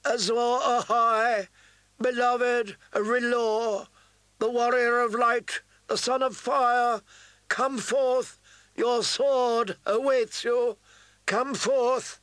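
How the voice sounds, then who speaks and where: A man's voice: high voice, lively intonation, slow, pushed and bright, no echo, voice pushed up, full character voice. A man voicing a fervent, commanding female priestess who chants her prophecies in a raised, incantatory voice. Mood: ecstatic invocation.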